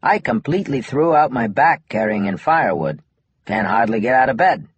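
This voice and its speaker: A man voicing a lazy, grumbling older male distillery owner with a lilt, complaining in gruff clipped phrases. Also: medium pitch, big pitch swings, moderate pace, no room sound, lo-fi sound.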